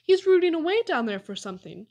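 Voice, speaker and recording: A woman's voice: very high voice, big pitch swings, fast, dark tone, voice pushed up, full character voice. A woman reading aloud and voicing a bossy, no-nonsense boy who talks curtly and gives orders. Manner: curt and commanding.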